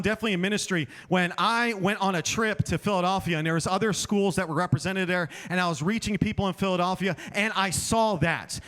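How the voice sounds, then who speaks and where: High-voiced male preacher in a reverberant chapel. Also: a bit bright. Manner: self-deprecating storyteller, acts out dialogue. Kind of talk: chapel sermon with humorous stories. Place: chapel hall. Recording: long hall reverb.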